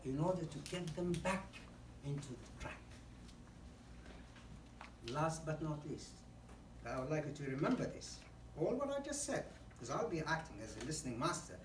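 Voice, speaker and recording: A deep-voiced woman teaches a public speaking workshop to a live group in a meeting room, acting out examples and often saying "you know." The distant mic captures roomy echo, faint ambience, and a little hiss or hum.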